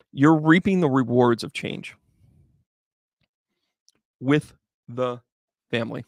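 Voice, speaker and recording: A man's voice: medium pitch, no echo, clean studio sound. A man giving a chatty, upbeat live tarot reading, talking straight to viewers by name. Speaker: tarot reader.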